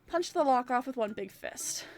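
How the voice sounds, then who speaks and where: A woman narrates a visual novel aloud for her gaming channel, playful and animated, with casual swearing. Her voice sits high and rises and dips a great deal. Faint game music runs under her. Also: normal speed.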